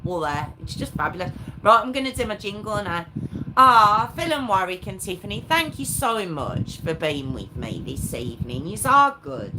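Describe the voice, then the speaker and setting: A woman's voice: medium pitch, big pitch swings, moderate pace. A woman hosting a live stream, chatting casually with her viewers in a rambling, self-mocking way. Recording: clear background noise with clicks.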